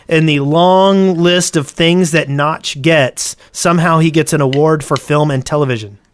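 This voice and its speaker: A man's voice: a little high, steady tone, unhurried, smooth. A man co-hosting a casual podcast, reading out news items, laughing often and tripping over repeated words.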